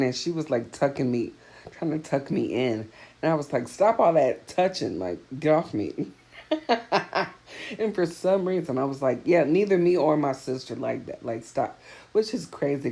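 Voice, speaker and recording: A woman's voice: a bass voice, warm tone, rough recording. A woman vlogger telling a personal story in a casual, chatty way, laughing often as her voice jumps up on the punchlines.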